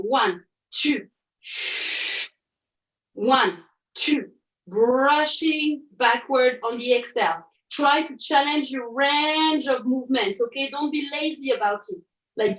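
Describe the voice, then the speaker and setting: A woman pilates instructor leading an online class, cueing moves and counting reps in an upbeat way, with quick self-correcting asides. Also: sits high, fairly bright tone. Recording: roomy audio from a distance.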